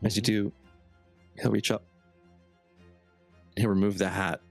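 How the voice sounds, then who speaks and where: A man's voice: lowish voice, fairly even intonation, unhurried, gravelly, faint music behind. A man narrating a tabletop game as game master, describing scenes loosely with fillers.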